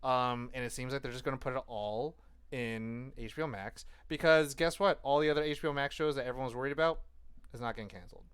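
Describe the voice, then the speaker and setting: Dude rambling on his podcast, swears a lot, smooth clear voice, dry close sound. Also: medium pitch, fast talker, a bit bright, dry recording. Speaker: podcast co-host. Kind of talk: casual chat.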